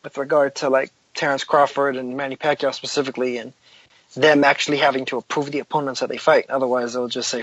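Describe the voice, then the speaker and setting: A man chatting about boxing on a podcast in a measured, hesitant way, with many fillers. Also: medium pitch, little pitch movement, no echo, dull audio. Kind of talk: casual boxing chat.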